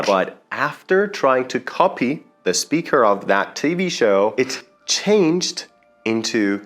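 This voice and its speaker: Male non-native English teacher, earnest and slow, pitch swinging up and down as he tells his story. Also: very animated, faint music behind. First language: not English. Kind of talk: personal story promoting a course.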